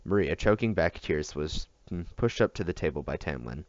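Brief: a male audiobook reader, low gravelly voice, dry and muffled recording. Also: expressive, moderate pace, dry recording. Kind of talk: reading a novel aloud.

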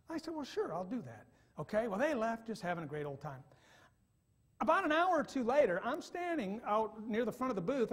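A man from Michigan preaching in church, telling a story with quiet asides and loud bursts. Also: high voice, slightly rough. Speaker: evangelist preacher. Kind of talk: sermon storytelling.

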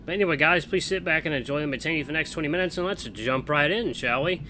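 A man's voice: on the high side, fast, bright, forceful tone, slight background noise. A man hosting a casual let's-play, chatting upbeat and reading the narration aloud. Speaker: game streamer reading a visual novel.

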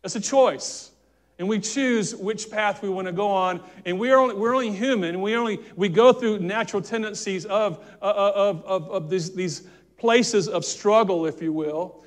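A man's voice: high voice, normal speed. A pastor preaching a sermon in church, earnest, often restarting his words and calling on the congregation to answer back. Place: church sanctuary.

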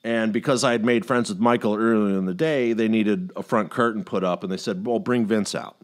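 This is a middle-aged man in a loose podcast chat, spinning an anecdote and jumping into quoted voices as he goes. His voice sits a little low, and he curses freely. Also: fairly quick. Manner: animated storyteller who swears freely and acts out quotes. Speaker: podcast host. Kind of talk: casual storytelling chat.

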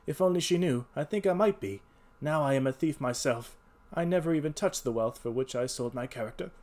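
A man's voice: medium pitch, a little fast, darkish tone, voice pushed up, close to an everyday voice. A man voicing a frightened young hotel thief who begs and pleads in a trembling voice. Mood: confessing. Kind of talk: read-aloud character voice.

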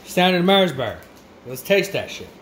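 A rowdy man tries out food for his vlog, cursing freely as he jokes along. His voice sits a little high and swings widely in pitch. A faint hum of background noise runs under the recording. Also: big pitch swings, unhurried, a bit bright. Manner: crude, profane, rowdy banter. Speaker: vlogger. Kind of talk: casual food review vlog.

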